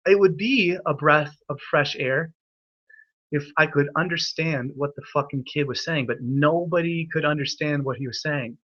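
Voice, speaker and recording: A man's voice: fairly high pitch, moderate pace, pushed and bright, highs cut off. A young man hosting an online hangout, telling a rambling, profane story full of restarts. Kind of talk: rambling casual chat.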